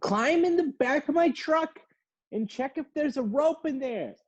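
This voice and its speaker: Casting note: man playing a loud, bossy older New York woman, very high and shouty, dull lo-fi sound. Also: animated, measured pace. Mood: yelling, bossy. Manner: yelling, bossy.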